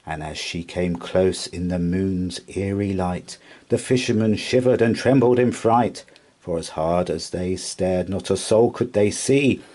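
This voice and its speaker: A man reading a rhyming children's picture book aloud in an expressive storytelling voice. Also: low voice. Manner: slow, expressive rhyming delivery. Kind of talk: children's read-aloud narration.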